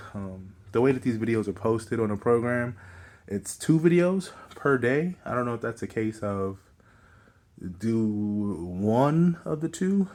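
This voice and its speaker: A man's voice: lowish voice, a little mellow. A man talking through a casual fitness update, a little out of breath, rambling with fillers and restarts. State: slightly out of breath. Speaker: vlogger.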